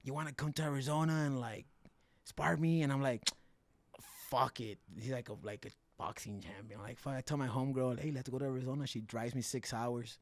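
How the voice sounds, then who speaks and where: A man telling fight stories in a podcast interview, profane and animated, acting out the quotes in a slangy, casual way. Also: medium pitch, fairly quick, dry recording. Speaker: guest fighter.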